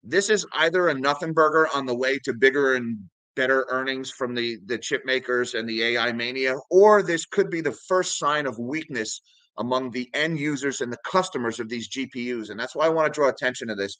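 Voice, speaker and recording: A man's voice: medium pitch, fairly quick, fairly bright tone, no echo, poor audio. A man hosting a finance video, casually talking viewers through charts and news articles and calling them guys. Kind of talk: casual market commentary.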